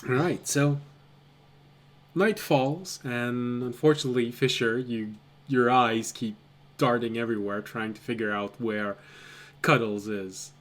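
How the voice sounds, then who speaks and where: Slow-talking, laughing game master man. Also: medium pitch. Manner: laughs often, chatty and relaxed. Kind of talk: narrating a tabletop game.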